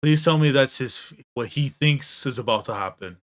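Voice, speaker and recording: Reading a manga aloud, a male host gets emotional and excitable, using plenty of slang. He speaks at normal speed in a mid-range voice, alternating muttered dismay with loud bursts.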